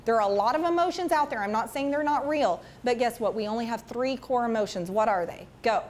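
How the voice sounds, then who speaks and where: A woman giving a chatty, animated talk to a room of parents, often tossing questions to the audience. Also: on the high side, fast, few pauses, some chatter behind. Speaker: school parent education presenter. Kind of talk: casual presentation to parents.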